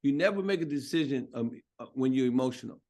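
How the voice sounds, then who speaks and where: A man in casual conversation, giving advice in a measured way. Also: medium pitch, animated, a little mellow.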